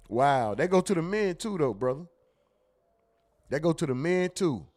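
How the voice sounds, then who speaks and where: A man's voice: mid-range voice, a little slow, pauses often, darkish tone. A man hosting a casual livestream who reads chat comments aloud, jokes, curses freely, and slips into mimicry. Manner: profane, joking, mimics others. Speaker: livestream host.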